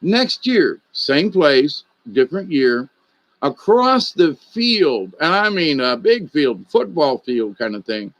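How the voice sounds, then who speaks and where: A man's voice: on the high side, very animated, measured pace, no room sound, lo-fi sound. A man, a puppeteer and storyteller, telling an anecdote in a casual, rambling way, with many restarts and quoted dialogue.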